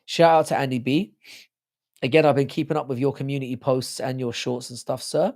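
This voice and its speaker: A man's voice: medium pitch, fairly even intonation, fairly quick, a little mellow. A man hosting a livestream, rambling profanely in casual chat and reading out viewer comments. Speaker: livestream host.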